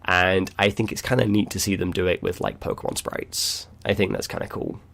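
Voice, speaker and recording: Guy with a deep gravelly voice, rambling about games, lots of ums. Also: sing-song, fairly quick, fairly bright tone, slight background noise. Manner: rambling, loose, with many fillers and chuckles. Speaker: host of a gaming discussion. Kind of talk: casual chat.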